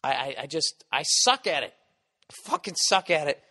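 Male podcast host, profane and animated, a bit high-pitched, recorded with a lingering reverb tail. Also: normal speed. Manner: animated, swearing, mock-ranting. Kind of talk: profane comic storytelling.

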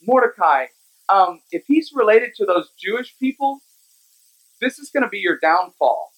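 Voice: mid-range voice, very animated, normal speed, low-quality recording. An offhand wife casually dropping grim news, put on by a preacher telling the story. She sounds breezy and everyday, as if mentioning a small thing. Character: advisor's wife, offhand bearer of bad news.

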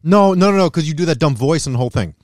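A man co-hosting a podcast in casual chat, bantering quickly and playfully. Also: fairly high pitch, lively intonation, a little mellow, dry recording, clean studio sound. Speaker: podcast co-host.

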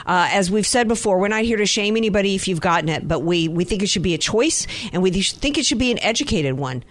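A woman from the American South hosting a radio talk show, brisk, chatty and opinionated. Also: mid-range voice, lively intonation. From North Carolina and New Orleans area.

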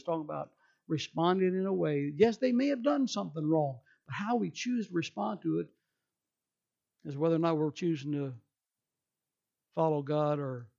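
A man's voice: fairly high pitch, vocal fry, muffled recording. A male pastor preaching a sermon emphatically, acting out people's excuses in quoted voices.

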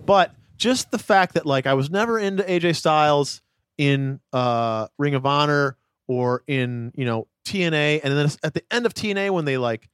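A man's voice: a little high, moderate pace, a bit bright, clean tone, dry recording. A man co-hosting a casual podcast chat who gives emphatic, opinionated takes and swears casually. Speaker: podcast co-host.

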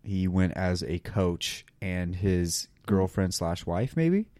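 A man with a low, dark voice hosts a casual podcast, joking and playful. He hypes each segment with easy enthusiasm. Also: very animated, slow, no room sound. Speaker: podcast co-host. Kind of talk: casual chat.

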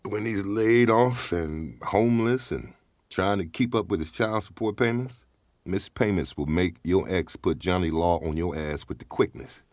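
A man's voice: low-pitched, normal speed, darkish tone, dry recording, natural voice. An actor playing a down-on-his-luck divorced father, talkative and wisecracking, often laughing. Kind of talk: radio drama acting.

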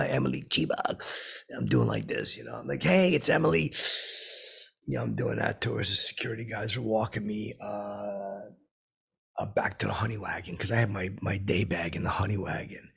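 A man's voice: fairly low pitch, animated, normal speed, vocal fry, a bit bright, breathy edge. A middle-aged man hosting a comedy podcast, telling a rambling comic story full of fillers and profanity.

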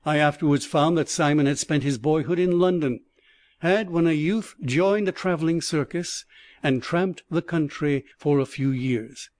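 A man reading a first-person novel aloud in a steady, clear narration. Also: on the high side, moderate pace, no room sound. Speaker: audiobook reader.

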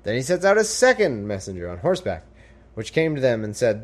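A man's voice: on the low side, very animated, brisk. Wry man reading scripture with sarcastic asides. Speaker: podcast host reading scripture. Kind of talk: comedic Bible reading with commentary.

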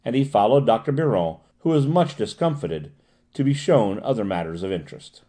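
A man narrating a classic novel as an audiobook reader, steady and expressive. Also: medium pitch, brisk. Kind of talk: scripted narration.

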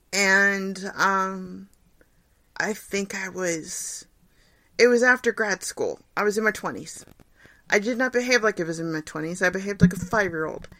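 A woman's voice: mid-range voice, pushed and bright, dry recording. A woman in her forties hosting a casual solo podcast, chatty and self-deprecating, laughing often as she answers questions. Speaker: podcast host. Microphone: home recording setup.

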